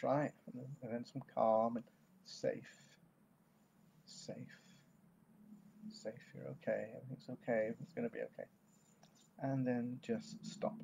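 A man who works as a therapist, explaining a calming technique to parents in a gentle, reassuring talk to camera. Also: mid-range voice, creaky, slight background noise. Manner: gentle, reassuring, repeats soothing words. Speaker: therapist offering online sessions.

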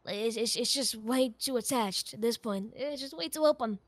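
A woman's voice: on the high side, moderate pace, no room sound. A woman playing a character in a game roleplay, talking in a hesitant way, repeating words and trailing off. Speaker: roleplay player.

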